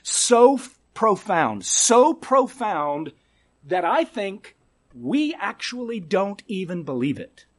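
High, animated preacher man delivering a sermon. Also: takes it slowly. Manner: emphatic, dramatic drops to quiet for emphasis; addresses the congregation with rhetorical questions.

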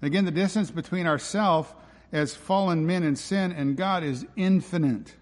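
A man's voice: a little high, moderate pace, darkish tone. Emphatic male preacher in a reverberant hall. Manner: emphatic preaching with rhetorical questions. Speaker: pastor. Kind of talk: sermon.

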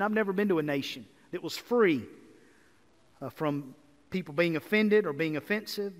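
A man preaching a sermon as pastor, energetic and building to emphatic repeated lists. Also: high voice. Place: church sanctuary. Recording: reverberant hall.

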